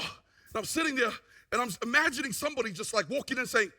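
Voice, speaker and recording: Testimony speaker: man, very high and bright voice, lively storyteller. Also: fast talker. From New Zealand. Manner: animated storyteller who acts out what people said. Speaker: guest speaker giving a testimony.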